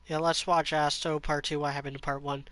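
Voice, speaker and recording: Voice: mid-range voice, little pitch movement, a little fast, fairly bright tone, dry recording. A streamer giving casual, offhand commentary over gameplay. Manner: chatty, offhand. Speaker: game streamer.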